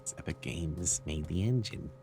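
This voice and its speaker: Laid-back deep-voiced male streamer. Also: moderate pace, vocal fry, mellow, soft background music. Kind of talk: casual gameplay commentary.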